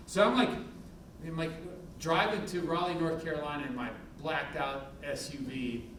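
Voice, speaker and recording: A man's voice: fairly high pitch, normal speed, slight background noise. Middle-aged man telling stories in a hall. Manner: candid, animated anecdotal storytelling. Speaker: police chief. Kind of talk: public talk with war stories. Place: university event hall. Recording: echoey hall from a distant mic.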